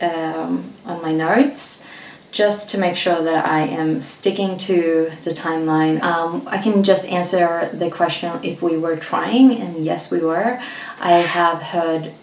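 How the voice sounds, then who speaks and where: A woman's voice: lowish voice, far from the mic, a little hiss or hum. A young woman from Sweden with a Swedish accent, talking in a casual vlog, a little out of breath, rambling with many restarts and fillers. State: slightly out of breath. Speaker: vlogger. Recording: echoey room, mic set back.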